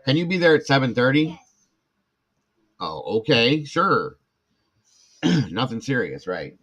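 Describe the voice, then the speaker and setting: A man's voice: medium pitch, very animated, slow pace, fairly bright tone, breathy edge. An older man, telling a long personal story as a podcast host in casual chat and acting out what others said. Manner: rambling, acts out quoted speech.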